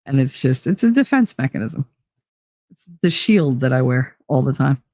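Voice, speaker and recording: A woman's voice: very deep voice, sing-song, normal speed, a little mellow, no echo, clean studio sound. Blunt, profane Jersey woman chatting live. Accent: New Jersey. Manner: blunt, profane, rambling and laughing. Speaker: livestream host. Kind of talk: casual chat with live viewers.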